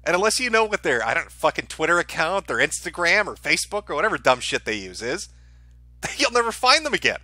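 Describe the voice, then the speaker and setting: A man's voice: fairly high pitch, sing-song, a little fast, bright, forceful tone, no echo. A man hosting a live stream, ranting in a profane, heated way. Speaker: streamer host.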